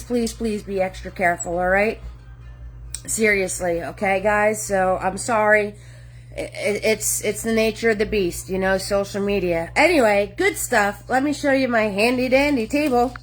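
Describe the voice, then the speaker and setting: A middle-aged woman hosting a live painting class, greeting viewers by name in a bubbly, chatty way. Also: medium pitch. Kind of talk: casual livestream painting lesson.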